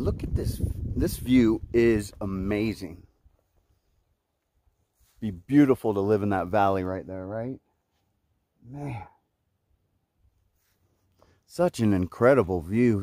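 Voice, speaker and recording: A man vlogging on a mountain top while hiking, talking in a relaxed, rambling, awed way. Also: fairly low pitch, dry recording, studio quality. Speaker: hiker vlogger. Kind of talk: casual outdoor vlog. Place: mountain summit outdoors.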